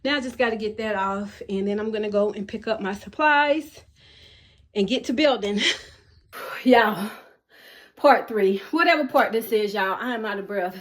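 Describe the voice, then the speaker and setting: A woman's voice: medium pitch, measured pace, pauses often. A woman chatting casually to her viewers in a home DIY vlog, laughing often as she talks. She records on a camera on a selfie stick inside a small walk-in closet. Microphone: camera on a selfie stick or mini tripod.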